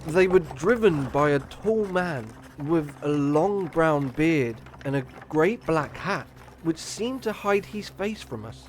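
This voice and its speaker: A man playing a young Victorian traveller, narrating an audio drama in an earnest, measured storytelling manner. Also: fairly high pitch.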